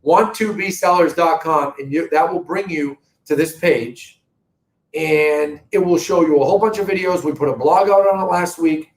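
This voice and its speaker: Emphatic Boston man pitching to viewers. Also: moderate pace, darkish tone, echoey room, rough recording. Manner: earnest, emphatic sales talk addressing viewers directly. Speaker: real estate company host. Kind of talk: live video market update.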